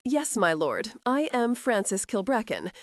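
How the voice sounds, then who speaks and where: Brief: wary, formal young wife read by a woman, lively audiobook voice. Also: a little high, a little slow, no room sound, studio quality. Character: young bride, wary and polite.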